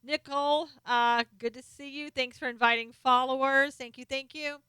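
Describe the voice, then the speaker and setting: A chatty middle-aged woman hosts a live stream and greets viewers one by one. Her voice is high and bright, very clear and close, with a dry room around it. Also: steady tone, normal speed, no room sound. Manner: chatty, reads out viewer names and comments. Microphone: desk microphone, sometimes off-axis.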